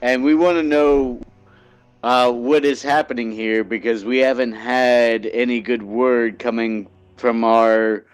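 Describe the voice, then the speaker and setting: A man speaking in character as a player in a tabletop game, hesitant and halting. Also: medium pitch, little pitch movement, clear, resonant tone.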